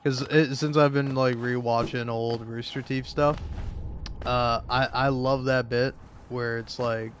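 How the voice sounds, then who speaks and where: A man's voice: mid-range voice, little pitch movement, a little slow, a little hiss or hum. A man giving casual gameplay commentary, rambling with lots of fillers and laughing often. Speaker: gaming video creator.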